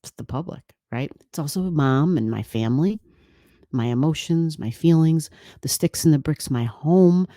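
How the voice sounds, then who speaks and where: A woman's voice: low voice, normal speed, dark tone, no echo, studio quality. A woman hosting an astrology channel, explaining in a casual, playful, chatty way to camera. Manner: playful, laughing, chatty with quoted asides.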